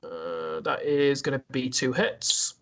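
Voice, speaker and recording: A man narrating a tabletop game as game master, describing the action in a halting way. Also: medium pitch, steady tone, creaky, fairly bright tone, rough recording.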